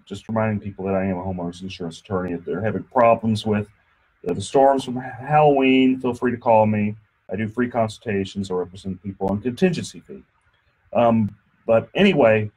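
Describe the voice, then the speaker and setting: A man chats and jokes his way through a local radio talk show in a studio. His voice sits at an ordinary middle pitch, and he keeps tripping over restarts as he goes. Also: slightly rough. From Texas. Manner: chatty, joking, stumbling on restarts. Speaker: radio show host and insurance attorney.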